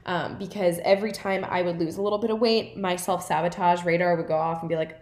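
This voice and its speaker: A lowish, darkish female voice rushes along fast and steady with barely a pause. As a wellness coach on her own podcast, she reflects casually and encouragingly, her chatty delivery full of "like" and "right?", in a roomy, echoing recording.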